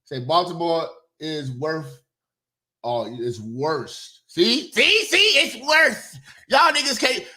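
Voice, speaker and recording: Brief: high-pitched male livestream host, bright tone, loud and profane joker. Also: big pitch swings, slow pace. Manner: loud, joking, profane, laughs often. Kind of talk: casual livestream commentary.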